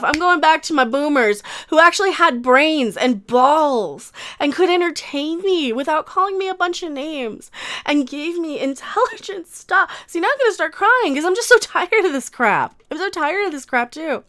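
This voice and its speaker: Woman youtuber ranting, sharp bright voice, sarcastic n crude, says stuff twice. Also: sits high, animated, moderate pace. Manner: sarcastic and crude, repeats herself. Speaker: YouTube commentator. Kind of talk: ranting commentary vlog.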